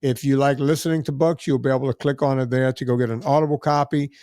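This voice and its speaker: A man's voice: mid-range voice, steady tone, fast, mellow, no echo, clean studio sound. A man hosting a podcast, wrapping up casually with chatty plugs. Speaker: podcast host.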